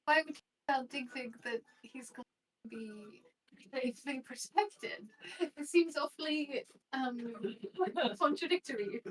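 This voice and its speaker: A woman's voice: high-pitched, a little slow, fairly bright tone, distant mic, low-quality recording. A woman player in a tabletop role-play, speaking politely and genteelly in character, often calling others darling.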